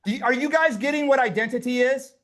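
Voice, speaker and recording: His very high-pitched, fairly bright voice moves fast as he leads a live online workshop as a business coach. He pushes people hard with fired-up energy and swears casually along the way.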